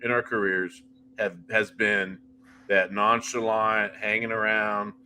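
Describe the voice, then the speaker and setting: As a paranormal investigator guest in a casual interview, a middle-aged man shares ghost-hunting stories in an animated, anecdotal way, talking freely and restarting sentences as he goes. His voice is low, bright and forceful, and slow, with a faint hiss underneath.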